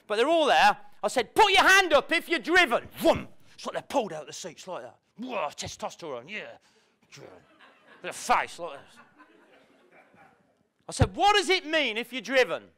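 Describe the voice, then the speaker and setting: High bright-voiced guy doing a motivational seminar, swoops all over, acts out people. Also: normal speed. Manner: animated, playful, acts out the people he quotes. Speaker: motivational speaker. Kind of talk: live seminar talk to an audience. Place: event room with an audience.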